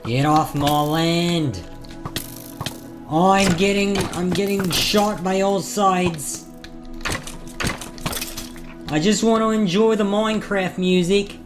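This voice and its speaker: A cranky landowner yelling at trespassers, as a man puts him on while gaming. The voice sits well above his normal register, loud and blustering, with a deliberately rough put-on accent. Game music plays clearly in the background. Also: sits high, pitched above the performer's own voice. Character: grumpy male landowner chasing off intruders.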